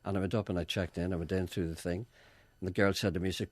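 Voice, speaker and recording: A man's voice: low voice, fairly even intonation, rapid-fire, no echo. A man hosting a casual radio chat, telling wry stories. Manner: wry, storytelling, reads listener letters aloud. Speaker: radio host.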